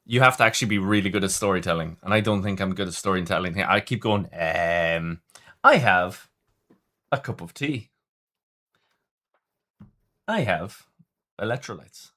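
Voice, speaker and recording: A man's voice: low voice, normal speed, long pauses, sharp tone. A man hosting a livestream, chatting casually and rambling as he reads viewer comments. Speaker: livestream host.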